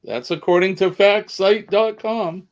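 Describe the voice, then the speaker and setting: A man's voice: high voice, steady tone, unhurried. A man with a Southern American accent hosting a live stream, chatting casually and rambling with many fillers. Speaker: livestream host.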